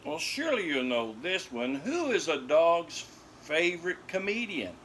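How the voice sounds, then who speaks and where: An older man reading out corny dog puns at home, unhurried, laughing at each punchline and walking through why it's funny. His voice is bright and it swings lively up and down. A faint hum of room ambience sits under it. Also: fairly high pitch. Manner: chuckles at his own puns and explains them. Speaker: amateur comedian telling jokes to his dogs. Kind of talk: corny joke routine.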